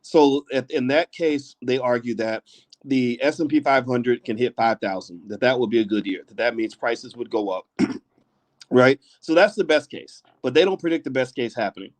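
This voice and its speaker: A man giving a casual, animated talk on finance straight to his viewers at a desk mic, with folksy asides. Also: mid-range voice, normal speed, dry recording. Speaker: finance commentator. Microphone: desk microphone.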